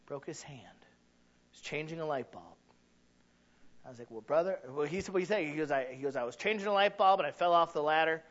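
A middle-aged man preaching a sermon, swinging from quiet conversational asides to loud shouted passages and acting out little scenes in voices. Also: on the high side, lo-fi sound. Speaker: pastor. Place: church.

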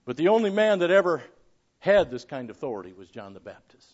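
A man preaching a sermon, reading scripture aloud and swinging between loud declarations and hushed asides. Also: fairly high pitch, sing-song, quick pace, muffled recording. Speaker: pastor.

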